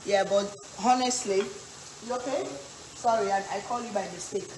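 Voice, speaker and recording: A woman's voice: medium pitch, steady tone, normal speed, noisy background. A woman from Africa, hosting a live cooking stream, chatting and reading viewer comments while she cooks. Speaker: cooking livestream host. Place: home kitchen. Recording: echoey kitchen with frying sizzle. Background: frying and stirring sounds.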